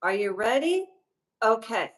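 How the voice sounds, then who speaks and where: A woman's voice: a little high, very animated, a little slow, fairly bright tone, rough recording. A woman hosting a casual livestream, chatting to viewers in a rambling, direct way. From Canada. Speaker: livestream host.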